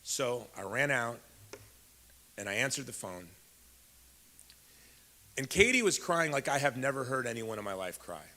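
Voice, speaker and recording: Very animated yet measured, with long pauses, this man's medium-pitched voice sounds bright and forceful. He's in his fifties, from Chicago, telling a personal story in a keynote and addressing listeners conversationally in a large, echoing hall.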